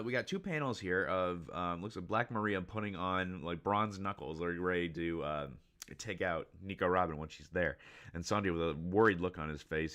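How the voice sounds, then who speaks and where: A man hosting a casual reaction to a comic chapter, rambling excitedly with many fillers and reading lines aloud. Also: low-pitched. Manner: reads character lines aloud with mild voice shifts. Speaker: channel host.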